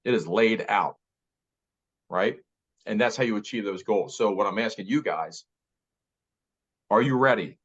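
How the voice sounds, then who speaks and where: A man's voice: on the low side, a little slow, pauses often, a bit bright, slightly rough. A man in his fifties giving an emphatic motivational talk as a real estate director, repeating key phrases. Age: 50s. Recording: slightly muffled audio.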